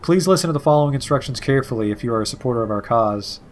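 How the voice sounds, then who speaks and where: A man voicing an anonymous caller who speaks in a flat, pitch-adjusted monotone, reading game dialogue. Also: rapid-fire, slight background noise, close to an everyday voice. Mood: flat formal.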